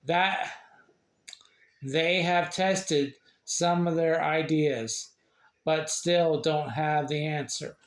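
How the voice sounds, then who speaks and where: A man reading a children's book aloud in a casual way, slow and halting, with slips, restarts and little asides. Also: a little high, fairly even intonation. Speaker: reader sharing a book. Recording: echoey room.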